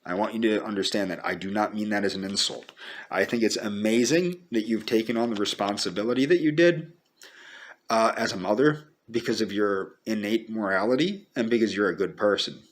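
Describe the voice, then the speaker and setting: Earnest low-voiced man, halting. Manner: halting and repetitive, restarting sentences; earnest, pleading. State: fighting back tears. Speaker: vlogger. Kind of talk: personal video message to the camera.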